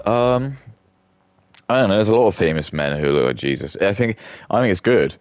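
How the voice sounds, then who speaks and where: A man's voice: on the low side, animated, moderate pace, no echo. A man rambling crudely and opinionatedly in casual commentary while he streams a game. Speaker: gaming streamer.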